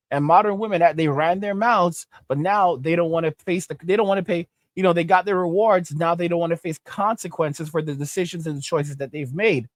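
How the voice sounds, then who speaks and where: A man with a fairly high speaking voice rants in an opinion commentary, hammering his points home through repetition and tag questions. His voice sounds close and dry, with almost no room around it. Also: no echo. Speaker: channel host.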